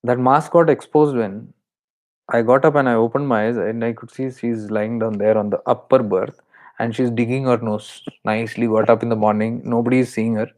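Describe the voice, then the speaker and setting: A man's voice: mid-range voice, steady tone, moderate pace, darkish tone. A man with an Indian accent, a spiritual teacher explaining awareness in an earnest, repetitive way. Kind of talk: spiritual talk.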